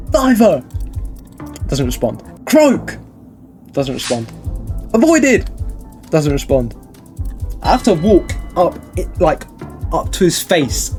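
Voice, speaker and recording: A young man spins a rambling, excitable storytime with a fairly high voice and loose swearing. Faint music plays underneath. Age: young adult. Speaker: streamer telling a story. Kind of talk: casual storytime vlog.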